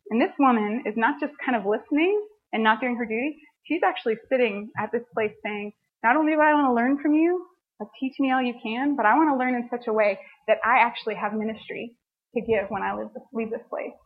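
A woman teaching a Bible passage in a relaxed, conversational way, often dropping in "like" as she talks to a group of students. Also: on the high side, husky. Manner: conversational, frequent "like" asides. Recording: band-limited phone-like sound.

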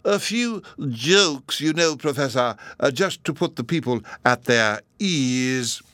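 A man voicing a vague, fussy empress with a prim, drawn-out way of speaking. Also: mid-range voice, animated, a bit bright, dry recording, voice pushed up. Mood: airy whisper.

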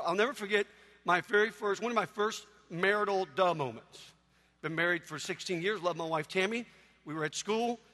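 A man preaching a sermon in a church, telling humorous stories with animated delivery. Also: high voice, big-room sound.

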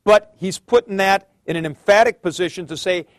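Pitched high and moving fairly quickly, a male teacher lectures his class, patiently walking through ideas and naming students to answer. He reasons aloud, stumbling into fillers and restarts, captured in studio quality with no room sound.

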